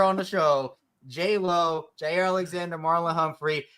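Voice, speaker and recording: A man co-hosting a casual sports podcast, talking in an animated, joking way and bantering with the others. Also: a little high, measured pace, clear, resonant tone. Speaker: podcast co-host.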